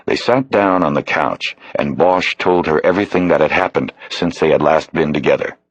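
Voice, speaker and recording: Male audiobook narrator, steady, very low and husky, dry booth. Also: normal speed, no echo, lo-fi sound. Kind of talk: scripted narration.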